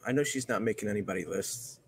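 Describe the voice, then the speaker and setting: A man's voice: lowish voice, quick pace, slight background noise. A man co-hosting a podcast in casual chat, laid-back and wisecracking. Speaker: podcast co-host.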